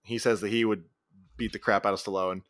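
A man's voice: on the low side, little pitch movement, fairly quick, fairly bright tone, no room sound. A man co-hosting a podcast, animatedly retelling a movie's scenes in casual chat and acting out the characters' lines. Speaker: podcast co-host.

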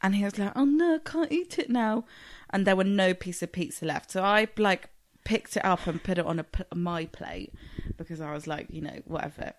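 A woman chatting casually on a podcast, playful and animated as she tells anecdotes. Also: fairly low pitch, a little fast, hardly any pauses. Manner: animated storyteller, playful, does voices in anecdotes. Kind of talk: casual chat.

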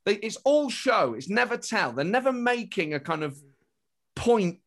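A man's voice: high-pitched, sing-song, moderate pace, fairly bright tone. A British man, a comedian, talking animatedly as a podcast guest, often restarting his thoughts mid-sentence. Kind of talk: casual interview chat.

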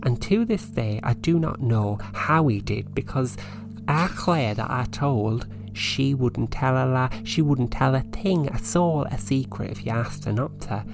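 A woman's voice: very deep voice, animated, unhurried, creaky, music in the background, heavily acted. A woman voicing an eccentric middle-aged psychic woman, rambling earnestly in a comedic reading. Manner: rambling confessional, earnest, dry.

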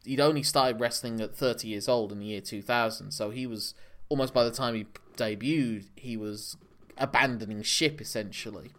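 A man co-hosts a casual wrestling podcast, explaining things knowledgeably in long runs. His voice is medium-pitched and a bit bright, at a moderate pace.

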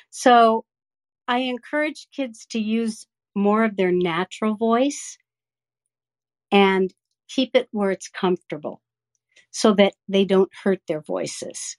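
A woman's voice: medium pitch, takes it slowly. A woman who coaches children in voice-over, answering interview questions with enthusiasm and examples.

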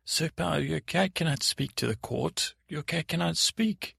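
A man voicing a frightened young boy prisoner, stammering and pleading for help, in a higher voice than his own. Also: a little slow, creaky, pushed and bright, slightly rough, dry recording, full character voice. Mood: anxious.

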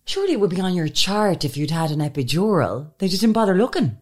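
Irish woman, notably low voice, expressive, dramatic storyteller, podcast co-host. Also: fast talker. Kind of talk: casual chat.

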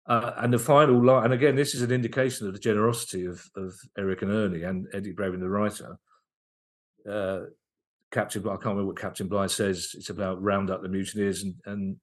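Lively storytelling man, lowish voice. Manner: lively, enthusiastic retelling with frequent restarts. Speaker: guest comedian and writer. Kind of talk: anecdotal storytelling in casual podcast chat.

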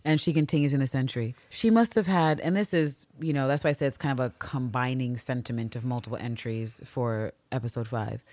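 A woman co-hosting a casual podcast, reading old diary entries aloud and reacting with animated, profane outbursts. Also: rumbling low, a little fast, hardly any pauses, dry recording. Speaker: podcast co-host.

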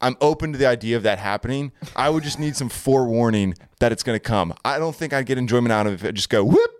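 A man's voice: mid-range voice, fast talker, clear, resonant tone, dry recording, studio quality. A young man co-hosting a podcast, speaking bluntly in casual chat and correcting his own wording as he goes. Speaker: podcast co-host.

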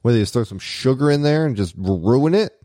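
A man in casual chat who keeps cutting in with quick jokes and wisecracks. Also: mid-range voice, expressive, warm tone.

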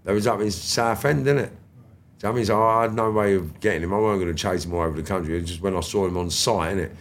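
Low-voiced middle-aged man, animated storyteller, salty language, podcast guest. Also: quick pace. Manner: animated, swears freely, acts out quoted dialogue. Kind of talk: storytelling interview chat.

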